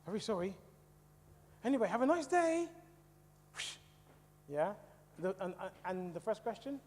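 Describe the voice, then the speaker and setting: A man's voice: sits high, sing-song, measured pace, a little mellow, slight background noise. A man from the West Indies giving a conversational testimony to a church congregation, often asking the audience questions. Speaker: church speaker. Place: church hall. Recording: long hall reverb.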